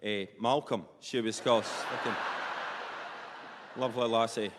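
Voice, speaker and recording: A man with a Perthshire Scottish accent, performing a live stand-up set as a comedian and telling animated, sweary stories. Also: medium pitch, a little slow, heavy background noise. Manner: animated storytelling, swears freely. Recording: long reverb with faint ambience, live venue.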